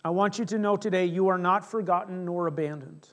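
Male pastor, middle-aged, slightly high voice, conversational storytelling sermon. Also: a little fast, hardly any pauses. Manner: chatty storytelling, jokes with congregation.

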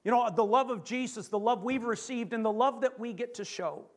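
Lively and very high-voiced, this Canadian male pastor preaches with rhetorical questions thrown to the congregation and deliberate, stressed phrases spoken slowly.

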